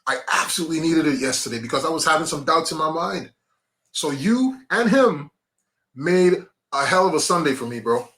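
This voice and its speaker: A man's voice: a little high, expressive, moderate pace, bright, forceful tone. A man, a motivational speaker and podcast guest, telling personal stories in casual conversation, acting out quoted voices and often saying "man" and "bro". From grew up on an island.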